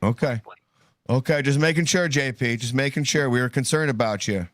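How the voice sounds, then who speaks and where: A man's voice: mid-range voice, a little fast, dry recording, clean studio sound. A man hosting a call-in talk show, joking and swearing in casual banter. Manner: joking, profane, animated.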